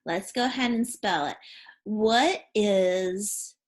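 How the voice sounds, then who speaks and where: A woman teaching a phonics and spelling lesson to young children, sounding out letters and asking questions. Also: mid-range voice. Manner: slow, clear, sounding out letters and prompting questions.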